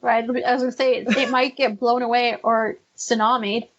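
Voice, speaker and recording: A woman with a higher voice, co-hosting a casual podcast chat in an earnest, slightly anxious way. The audio is dull and lo-fi. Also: level tone, normal speed. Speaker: podcast co-host.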